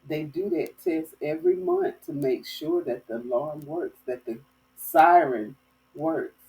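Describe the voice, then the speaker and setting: A woman from Florida telling a lively story as host of a dating advice talk, with folksy phrasing. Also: low-pitched, measured pace, creaky, recorded from a distance, low-quality recording. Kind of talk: casual storytelling monologue.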